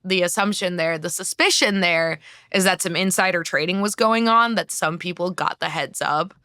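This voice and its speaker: An American woman journalist co-hosting a casual political talk show, chatty and animated, full of filler words. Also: lowish voice, normal speed, no room sound, studio quality. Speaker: co-host, journalist.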